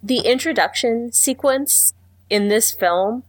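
A woman's voice: on the high side, takes it slowly, slight background noise. A woman co-hosting a casual film podcast, enthusiastically retelling scenes. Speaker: podcast co-host.

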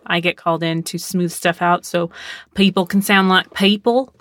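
Bright, lively writer-guest voice, animated storytelling, dry mic. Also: mid-range voice, moderate pace, dry recording. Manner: lively storyteller, acts out quotes, laughs often. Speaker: script supervisor and writer. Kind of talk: casual podcast chat. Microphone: close studio mic.

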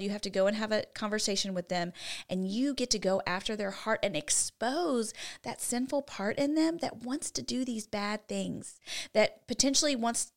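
A woman's voice: medium pitch, vocal fry. A woman co-hosting a Christian parenting talk show, explaining her approach in an earnest, teaching manner. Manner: earnest and teaching, with lively shifts in volume. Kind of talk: faith-based parenting talk.

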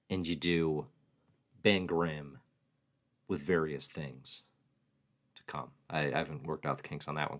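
A low-pitched man chats casually on his own livestream, his voice rising and falling widely. He jokes, teases himself and reads out viewer questions before answering them. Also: fairly bright tone. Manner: joking, self-mocking, reads viewer questions aloud. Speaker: comics livestream host.

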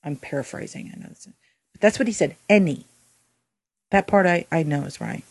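A woman co-hosting a faith podcast, talking earnestly and haltingly, often restarting her sentences. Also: low voice, creaky, no room sound. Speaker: podcast co-host. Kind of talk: reflective faith podcast talk.

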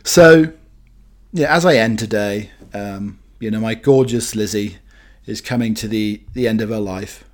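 A man's voice: lowish voice, measured pace. A man hosting a podcast alone, chatting in a jokey, meandering way full of fillers. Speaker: podcast host. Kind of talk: rambling solo chat.

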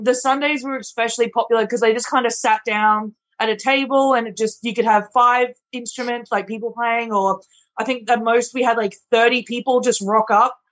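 A woman's voice: on the high side, fairly bright tone, poor audio. A woman, a bartender chatting casually on a podcast, full of "like" fillers and swearing. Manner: swears freely, frequent "like" fillers. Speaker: bartender guest.

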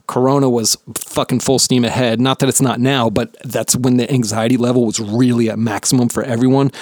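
A man's voice: mid-range voice, no room sound, clean studio sound. A man from New Jersey, around his thirties, hosting his own podcast in a rambling, profane, self-deprecating chat. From New Jersey, USA. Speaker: podcast host. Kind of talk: casual solo podcast chat. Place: home basement.

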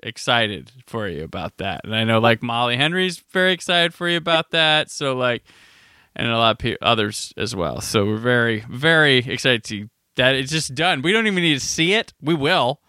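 A man hosts a casual podcast chat, rambling supportively and leaning on fillers as he goes. His voice is bright, smooth and clear, heard in a dry, close recording. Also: mid-range voice, animated, normal speed, dry recording. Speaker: podcast host.

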